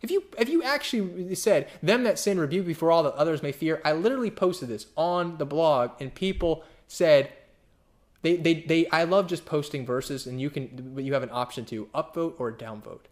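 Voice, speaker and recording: Young male preacher, lively verse-by-verse sermon, repeats for emphasis, voice a bit high. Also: moderate pace. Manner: animated, acts out quoted voices, repeats phrases. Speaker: pastor. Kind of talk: verse-by-verse Bible teaching.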